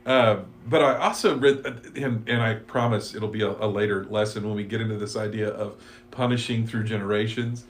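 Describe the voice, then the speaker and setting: Speaking fairly quickly in a steady, lowish voice, this man leads a church Bible class. It's a casual study discussion where he chats conversationally and reads scripture and quotes aloud.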